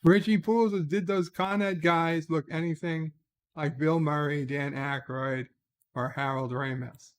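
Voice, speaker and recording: A man's voice: on the high side, steady tone, a little slow, clean tone. A man hosting a casual livestream, reading viewer comments aloud and answering each with short asides. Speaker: livestream host.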